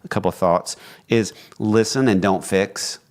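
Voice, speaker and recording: A man with a lowish voice talks in relaxed podcast conversation. He reflects openly and tells stories, slipping into the voices of the people he quotes. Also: normal speed. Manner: reflective storyteller who acts out quotes. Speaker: podcast co-host.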